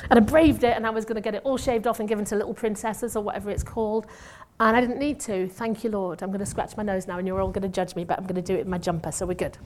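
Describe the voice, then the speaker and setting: A woman's voice: mid-range voice, fairly even intonation, fast talker, a little mellow, slight background noise. A woman, a former nurse sharing a testimony sermon in a chatty, self-mocking way with asides. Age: 50s. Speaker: church speaker and former nurse.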